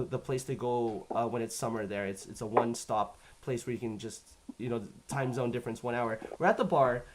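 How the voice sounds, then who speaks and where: A man with a Canadian accent hosting a live-stream chat, telling long stories full of fillers and restarts. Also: mid-range voice. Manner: rambling storyteller, many fillers and restarts. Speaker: stream host.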